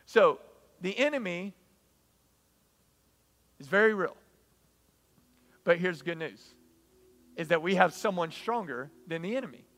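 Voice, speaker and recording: A man preaching a sermon in an animated, emphatic, storytelling way. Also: high-pitched, a little slow, pauses often. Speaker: pastor.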